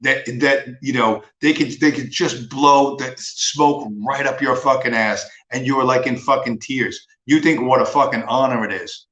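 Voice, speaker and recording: A man's voice: medium pitch, fairly even intonation, normal speed, hardly any pauses, a bit bright, dull audio. Guy ranting on his stream, swears a lot, mocking tone, kinda echoey room. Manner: profane, sarcastic, mocking. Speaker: livestream host. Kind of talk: casual ranting monologue.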